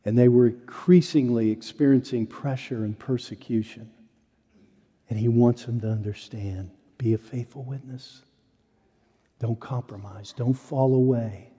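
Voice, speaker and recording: A man preaching a sermon, telling a story with earnestness, rising high and loud on quoted denials and dropping low and soft on solemn points. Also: fairly even intonation, unhurried, husky, long reverb tail. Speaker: pastor.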